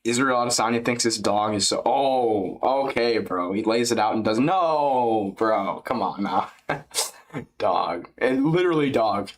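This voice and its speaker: A man's voice: on the low side, animated, unhurried. A young man chatting live as a streamer during a fight event, joking, crude and rambling. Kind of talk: live fight-companion chat.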